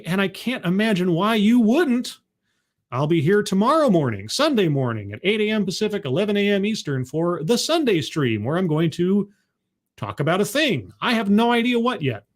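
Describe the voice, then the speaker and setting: A man signing off a live stream in a rambling, self-deprecating way, with frequent restarts. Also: on the high side. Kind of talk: casual live-stream sign-off.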